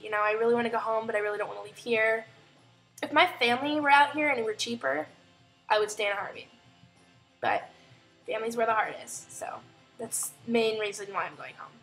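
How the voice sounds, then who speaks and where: Rambling young woman, slightly high voice. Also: pushed and bright, poor audio. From Indiana, USA. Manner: rambling, heartfelt, many fillers. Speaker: vlogger. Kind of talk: casual personal vlog.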